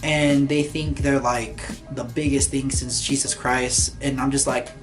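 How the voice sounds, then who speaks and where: A woman vlogging to her camera in casual chat. She is animated and sassy, and swings between loud bursts and quiet asides. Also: rumbling low, normal speed, few pauses, music in the background.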